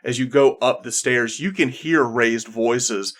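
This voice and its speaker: A man's voice: medium pitch, unhurried, fairly bright tone. A man working as game master, narrating a tabletop game in descriptive second-person with many restarts.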